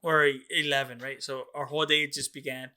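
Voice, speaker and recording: On a casual podcast, a young co-host loosely rambles through a story, cursing frequently and dropping "like" and "dude" again and again. His voice is bright, forceful and somewhat higher than most men's. He keeps a level tone and speaks a little fast.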